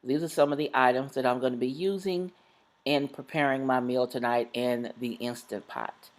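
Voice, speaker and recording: Deep-voiced woman hosting a cooking vlog. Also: steady tone, normal speed, rough recording. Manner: chatty, plain show-and-tell, small fillers. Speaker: cooking channel host. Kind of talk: casual cooking vlog narration.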